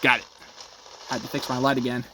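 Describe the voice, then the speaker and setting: A man's voice: mid-range voice, monotone, brisk, noisy background. A young man hosting a casual game walkthrough, talking each step through in an upbeat, chatty way at home. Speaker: gaming channel host.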